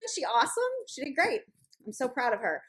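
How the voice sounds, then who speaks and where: A higher-pitched woman hosts a support group over a video call. She chats in a playful, rambling way and teases her guest. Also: very animated, fast talker. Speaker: group host. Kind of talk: casual chat.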